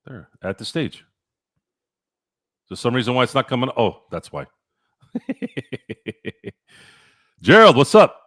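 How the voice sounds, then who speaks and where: A man hosting a livestream, chatting casually and telling a profane, animated story with many restarts. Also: mid-range voice, unhurried, long pauses, dry recording, studio quality. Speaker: podcast host.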